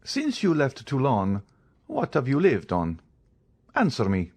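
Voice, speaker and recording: A man's voice: medium pitch, wildly swooping pitch, a little slow, a little mellow, breathy edge, voice pushed up, full character voice. A man reading the part of a stern, commanding count disguised as a priest, questioning in an audiobook. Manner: commanding, interrogating.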